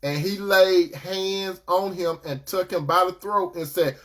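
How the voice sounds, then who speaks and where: A man's voice: high-pitched, measured pace, a bit bright. A man preaching a sermon in a conversational way, telling a parable and speaking to listeners as brother and sister.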